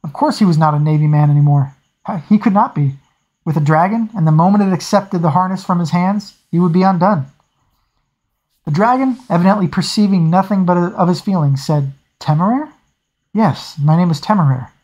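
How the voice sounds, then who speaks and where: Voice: mid-range voice, brisk, a little mellow, muffled recording. A hobby reader narrating a fantasy novel aloud, often stumbling over words and correcting itself. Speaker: audiobook reader.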